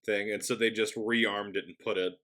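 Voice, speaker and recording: Male co-host, bright forward tone, short agreeing chime-ins. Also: on the low side, steady tone, normal speed. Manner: chiming in with short agreements and added details. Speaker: podcast co-host. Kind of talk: casual film review chat.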